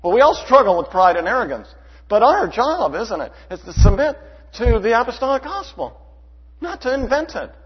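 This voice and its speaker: A man preaching a sermon to his church, emphatic, asking rhetorical questions and swinging between loud and hushed delivery. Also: very high voice, big pitch swings, normal speed, breathy edge. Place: church sanctuary. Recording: dull hall reverb.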